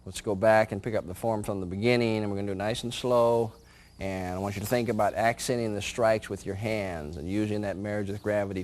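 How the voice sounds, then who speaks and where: Male martial arts instructor, lowish voice, calls moves aloud as he demonstrates, chuckles between steps, recorded indoors. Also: a little mellow. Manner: calls out moves while performing them. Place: indoor training room.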